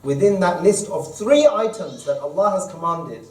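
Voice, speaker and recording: A man's voice: fairly high pitch, lively intonation, normal speed. A man giving a Friday sermon as imam, quoting Arabic verses and explaining them in plain terms. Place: mosque hall. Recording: echoey hall, mic at a distance.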